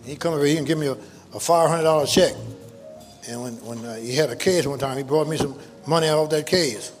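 A man with a high, ringing voice preaches to his church, calling out lines for the congregation to repeat. He swings from quiet, joking asides to shouted peaks. Faint music plays softly behind him. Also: fairly quick, long reverb tail. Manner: call-and-response preaching, rising to shouts. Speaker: pastor. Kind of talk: sermon. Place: church sanctuary.

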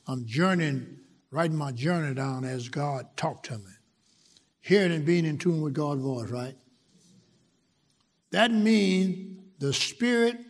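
A man preaching a sermon. He is emphatic, repeats phrases for rhythm, and swings from loud, stressed lines to hushed asides. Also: a little high, breathy edge.

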